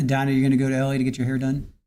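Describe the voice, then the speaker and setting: A livestream host in casual chat, reading out viewer comments in a relaxed, chatty way with the odd chuckle. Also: medium pitch, very fast, smooth.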